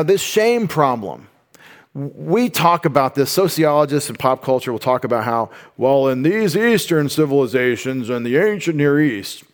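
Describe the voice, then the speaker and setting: A man giving a conversational Bible teaching, informal and explanatory, with frequent asides and restarts. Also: mid-range voice.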